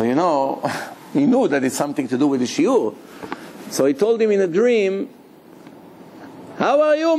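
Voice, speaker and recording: Joking rabbi lecturing, mellow raised voice. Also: male voice, sits high, a little hiss or hum. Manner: lively and joking, questions the audience; sprinkles in Hebrew terms. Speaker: rabbi giving a Torah lecture. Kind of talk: live lecture to an audience.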